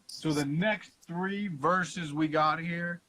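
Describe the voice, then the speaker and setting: A man hosting a casual Bible study over a video call, slowly sounding out Hebrew words and explaining them with the odd curse. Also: fairly high pitch, sharp tone, rough recording. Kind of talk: casual teaching livestream.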